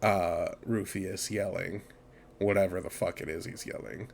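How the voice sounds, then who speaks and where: Slow, low-voiced man running a tabletop game. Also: gravelly, breathy edge. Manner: relaxed and joking, swears and laughs. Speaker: game master.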